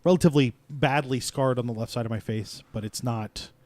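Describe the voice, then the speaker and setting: Man, tabletop player, relaxed, dry close-miked sound. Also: medium pitch, brisk, dry recording. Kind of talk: casual character introduction.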